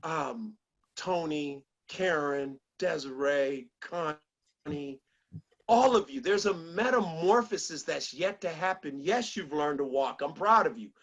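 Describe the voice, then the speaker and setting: A middle-aged man giving a motivational talk to a small group, an animated storyteller who acts out the lines he quotes. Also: on the high side, slow pace, lo-fi sound. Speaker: motivational speaker.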